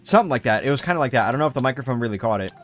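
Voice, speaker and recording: A man's voice: medium pitch, expressive, very fast, soft background music. A young man chatting loosely while streaming a game, rambling and swearing casually. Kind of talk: casual live-stream commentary.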